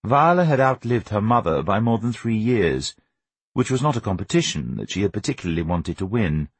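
A man reading a novel aloud as an audiobook narrator, with an expressive, wry storytelling manner. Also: fairly low pitch, fairly quick, slightly rough, no room sound. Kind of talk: scripted narration.

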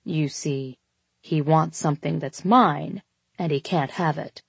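A woman voicing a brooding, possessive young man who speaks low and hushed. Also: unhurried, vocal fry, slightly rough, no echo, heavily acted.

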